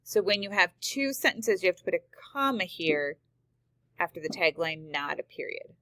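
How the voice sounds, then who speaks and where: A woman's voice: lowish voice, animated, moderate pace, sharp tone, no room sound. Woman teacher explaining grammar, dry sound. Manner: explanatory, walks through examples aloud. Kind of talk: screen-recorded grammar lesson.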